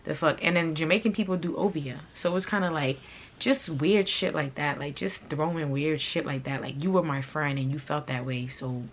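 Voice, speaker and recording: A woman with a low, heavy voice tells a storytime on her channel. She runs her own clothing brand, and her talk is blunt, profane and heated. Faint background noise sits under her voice. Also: normal speed. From from a Haitian family. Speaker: vlogger and clothing brand owner. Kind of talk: storytime rant to camera.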